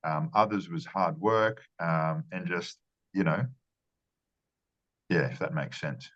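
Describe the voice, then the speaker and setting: A man with a very low voice gives earnest interview answers. He often repeats words and restarts his phrases. The sound is dull and lo-fi. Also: takes it slowly, a bit bright. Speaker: marketing strategist guest.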